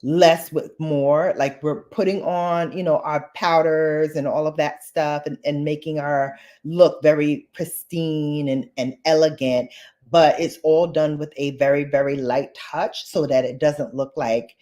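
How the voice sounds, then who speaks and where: A woman with a New York accent, chatting playfully to viewers in a casual beauty vlog while doing her makeup. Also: measured pace. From New York, Bronx. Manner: animated with sudden high pitch jumps. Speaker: beauty vlogger.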